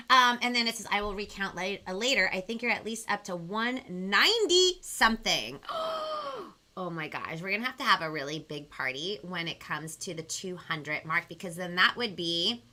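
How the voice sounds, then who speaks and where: A young woman with a medium-pitched, bright, forceful voice hosts a bilingual children's live-stream lesson. As a children's show host, she's bubbly and sing-song, speaking straight to her viewers.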